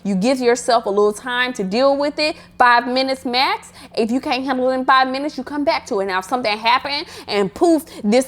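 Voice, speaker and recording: A young woman with an African American English accent speaks to camera in a relaxed advice-giving vlog. Her voice sits a little high, and she is animated and playful. She breaks into sassy, sing-song interjections as she acts out everyday scenes. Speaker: vlogger giving life advice. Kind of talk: casual advice talk to camera.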